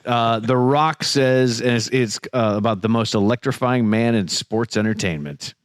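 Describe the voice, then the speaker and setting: A man co-hosting a podcast in casual chat, playful and animated, reading bits aloud and steering the talk back on track. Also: mid-range voice, normal speed, clear, resonant tone, no echo, clean studio sound. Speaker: podcast co-host.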